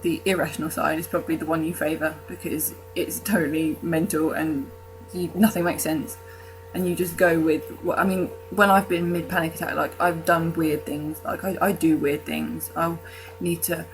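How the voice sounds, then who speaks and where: A woman's voice: sits low, level tone, moderate pace, hardly any pauses, low-quality recording. Rambling young woman vlogger over music. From United Kingdom. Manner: rambling, many fillers and restarts, self-mocking humor. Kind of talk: casual talk to camera.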